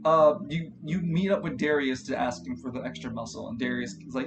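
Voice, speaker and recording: A man's voice: medium pitch, steady tone, brisk, hardly any pauses. A man narrating a tabletop role-playing game as game master, rambling and correcting himself as he goes. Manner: rambling, self-correcting, laughing asides. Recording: guitar music playing behind.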